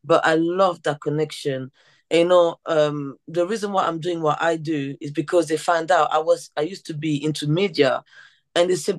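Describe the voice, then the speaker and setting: A woman's voice: low-pitched, steady tone, normal speed. A woman who works as a teacher, hosting a podcast interview, enthusiastic and often restarting her sentences. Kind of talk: conversational interview.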